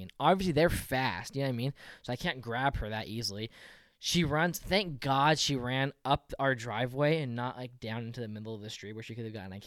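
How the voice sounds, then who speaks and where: A man's voice: mid-range voice, fairly bright tone, no room sound, studio quality. Rambling young man, "like" after every word. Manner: rambling, says "like" constantly, swears a lot. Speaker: storyteller in a chat with friends. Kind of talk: casual chat.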